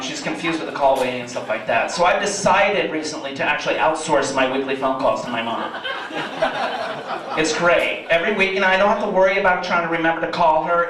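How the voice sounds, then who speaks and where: An animated young male comic tells stories on a club stage. His voice is high and swings widely. It is heard from a distance in a boomy room with the audience laughing. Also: heavy reverb. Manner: animated, storytelling. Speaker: stand-up comic. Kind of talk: stand-up comedy set. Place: comedy club in front of a live audience.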